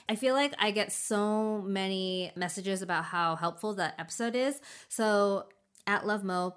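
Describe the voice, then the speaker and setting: A young woman chatting as a podcast host, her voice bright and sharp. She giggles easily and stumbles over long words in a casual, friendly flow. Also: mid-range voice, clean tone. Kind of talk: casual beauty podcast chat.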